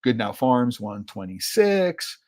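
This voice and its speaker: Speaking slowly in a mid-range, slightly mellow voice with big swings in pitch, a man hosts his own podcast. His casual commentary wanders as he thinks aloud, sounding exasperated and full of fillers.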